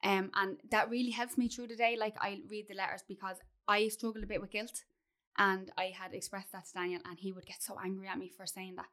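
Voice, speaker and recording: A woman's voice: medium pitch, flat delivery, a little fast, sharp tone. A woman speaking earnestly in a conversation about grief, with many "like" fillers. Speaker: guest.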